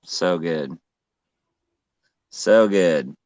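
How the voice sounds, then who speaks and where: A man's voice: low voice, drawn-out words, a little mellow, no room sound, highs cut off. A man in casual conversation, talking in a rambling, laid-back way, full of fillers and restarts. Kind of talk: casual chat.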